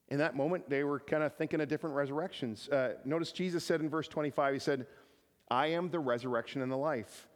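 A man preaching a sermon as pastor, often repeating words as he builds to emphatic peaks. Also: fairly high pitch. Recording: long reverb of a large hall.

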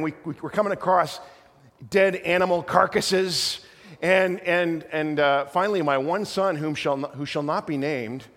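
A middle-aged man pastor telling a rambling, animated story in a sermon, with many restarts. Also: a little high. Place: church sanctuary. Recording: long hall reverb.

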